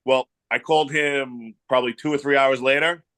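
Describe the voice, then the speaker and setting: Animated male storyteller, dry sound. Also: medium pitch, moderate pace, no echo. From New York area. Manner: animated, acts out dialogue in anecdotes. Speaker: event promoter. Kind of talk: casual storytelling.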